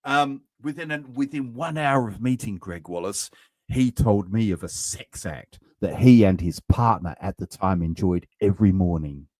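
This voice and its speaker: Sarcastic male co-host, deadpan delivery, dry sound. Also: fairly low pitch, normal speed, dry recording. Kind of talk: casual live-show chat.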